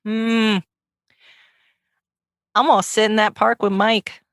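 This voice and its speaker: A chatty, giggly woman talks in a casual podcast chat. Her voice sits a little high, and it is recorded dry and close with no room sound. She jokes about herself as she goes. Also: flat delivery, slow, no echo. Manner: chatty, giggly, self-mocking, puts on silly voices. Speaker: guest cohost.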